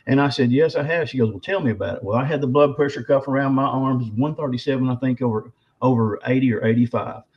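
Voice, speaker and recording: A man's voice: medium pitch, fast, few pauses. A man, a guest telling stories in a rambling, emphatic way with many restarts, his voice slightly quivering with emotion. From Arkansas. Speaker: guest author and Bigfoot researcher. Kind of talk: casual interview storytelling. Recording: slightly dull lo-fi audio.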